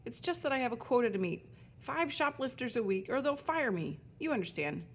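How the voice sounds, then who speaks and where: A woman's voice: fairly high pitch, very animated, fairly quick, voice pushed up. A woman putting on a barking talking shop sign. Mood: wheedling. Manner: barking, indignant, then wheedling. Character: pushy talking shop sign, male, officious.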